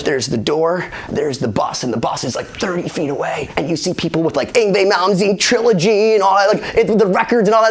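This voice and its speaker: A man tears through a profane comic rant, swearing freely and lurching between yelled outbursts and hushed asides. His pitch swings wildly throughout. The pace is manic. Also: very animated, brisk. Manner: frantic, swearing, wild swings from shouts to whispers. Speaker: comedic guitar vlogger.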